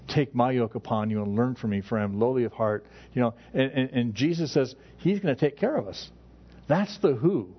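A middle-aged male pastor delivering a sermon in a mid-pitched, conversational voice. He restarts his phrases often as he works through scripture. The recording sounds dull and lo-fi. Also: fairly quick. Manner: conversational preaching with frequent restarts.

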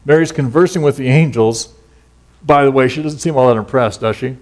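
A middle-aged man, a pastor, giving a relaxed, conversational sermon full of folksy stories and casual asides. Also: mid-range voice, a little fast.

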